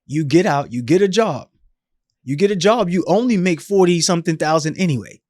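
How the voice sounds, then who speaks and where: Animated fairly high-voiced storytelling man. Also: brisk, dry recording. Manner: animated, emphatic, slangy, acts out quoted voices. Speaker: podcast guest. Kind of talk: storytelling in a casual interview.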